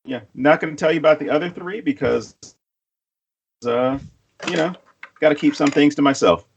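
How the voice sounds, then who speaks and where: A man co-hosting a podcast, telling stories in a profane, animated way and acting out quotes. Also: on the high side, normal speed, vocal fry, slight background noise. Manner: acts out quotes in other voices. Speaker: podcast co-host. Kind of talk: casual chat.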